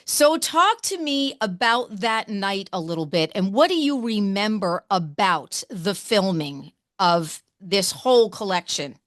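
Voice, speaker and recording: A woman radio host chatting with a guest in a gushing, excitable way, talking fast in bursts. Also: medium pitch, dry recording, clean studio sound. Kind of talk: enthusiastic interview chat.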